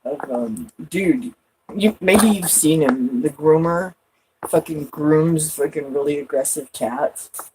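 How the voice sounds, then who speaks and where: A woman's voice: low-pitched, slow, background noise. Rambling, foul-mouthed woman vlogger. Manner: rambling, swears a lot, laughs often. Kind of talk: casual rambling chat.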